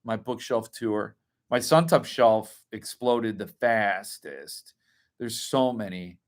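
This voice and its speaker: A man's voice: lowish voice, slow. A man hosting a casual livestream, rambling as he reads and answers chat comments. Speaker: host.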